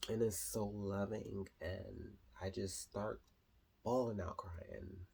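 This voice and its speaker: A woman vlogging casually to camera, chatty and expressive, often calling viewers honey. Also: a bass voice, slow pace, vocal fry, breathy edge.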